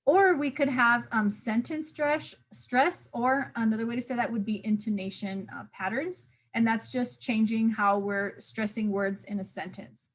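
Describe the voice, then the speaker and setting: A young woman teacher gives a recorded review lecture to interns. Her voice sits fairly high, and she talks loosely, with many "um"s and a habitual "right?" to check her listeners follow. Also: a little slow, hardly any pauses. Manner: casual, frequent "um" and "right?" check-ins. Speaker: teacher trainer.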